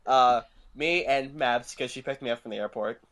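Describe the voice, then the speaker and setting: A man's voice: medium pitch, normal speed, fairly bright tone. A man telling a story on a podcast in casual chat, laughing often. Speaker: podcast co-host.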